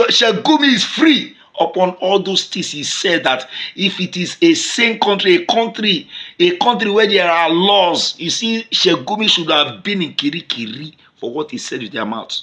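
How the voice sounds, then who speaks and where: A Nigerian-accented vlogger delivers passionate commentary to the camera, emphatic and repetitive. He lurches from loud outbursts to quiet mutters, with large pitch swings at a moderate pace.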